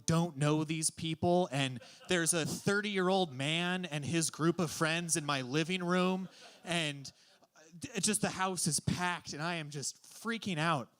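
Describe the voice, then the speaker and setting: A teenage man telling a story at an open mic, lively and acting out the voices in his quotes. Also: on the high side, smooth. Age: teens. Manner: animated, acts out voices in quotes. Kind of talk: live storytelling.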